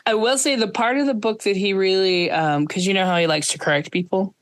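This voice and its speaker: A woman's voice: mid-range voice, fairly quick, no room sound. A woman co-hosting a podcast, chatting casually and rambling with many restarts. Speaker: podcast co-host. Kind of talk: casual chat.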